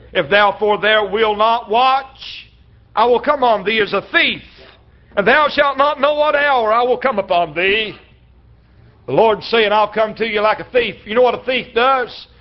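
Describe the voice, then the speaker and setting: Male traveling preacher, very high voice, folksy storytelling sermon with shouted peaks, slightly muffled recording. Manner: folksy preacher, acts out dialogue, breaks into shouts. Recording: slightly dull lo-fi church recording.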